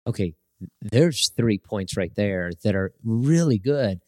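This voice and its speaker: Male podcast host, lowish voice, effusive and encouraging, dry close-mic sound. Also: expressive, takes it slowly, darkish tone, no echo. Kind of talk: conversational interview.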